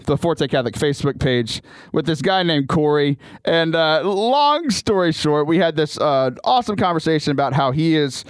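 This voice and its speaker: A man's voice: on the high side, dry recording. A man hosting a faith podcast from a studio, talking in an earnest, upbeat way and often restarting his sentences. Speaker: podcast host and youth missionary. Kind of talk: casual podcast talk.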